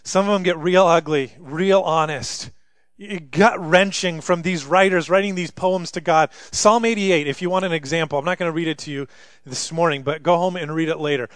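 Animated high-voiced male preacher. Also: normal speed, no room sound. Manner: animated, dramatizes scripture voices, rising loudly for emphasis. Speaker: pastor. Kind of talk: sermon.

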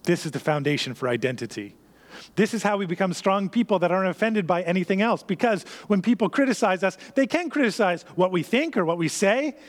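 High-voiced man preaching a sermon. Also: expressive, brisk. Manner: emphatic, repeats key phrases, drops to a hushed near-whisper. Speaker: pastor.

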